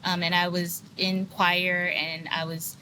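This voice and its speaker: Speaking slowly in a fairly low, level voice, this guest on a video podcast set recounts her own story with earnest frankness and plenty of filler words. She's a sound healer from the United States, and the background is noisy.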